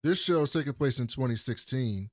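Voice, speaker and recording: A man co-hosting a podcast, recapping a TV episode in casual, animated, profane chat. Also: medium pitch, fairly quick, no echo, studio quality. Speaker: podcast co-host.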